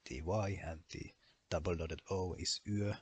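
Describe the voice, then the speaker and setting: Another language explainer narrates a lesson as a voice-over, moving methodically through pronunciation rules and one example after another. This man speaks in a low, steady, husky voice at a slightly slow pace.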